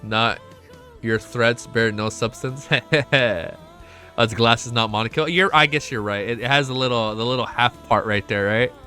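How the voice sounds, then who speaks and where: A young man streaming to his chat, excitable and emotional, swearing often and reading chat messages aloud. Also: medium pitch, unhurried, faint music behind. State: emotional, close to tears. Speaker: streamer reacting to a web novel. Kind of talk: casual live-stream chat.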